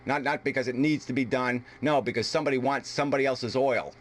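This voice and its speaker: A man's voice: medium pitch, steady tone, fast. A man from the United States arguing heatedly in a video debate, combative and full of profanity. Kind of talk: heated argument.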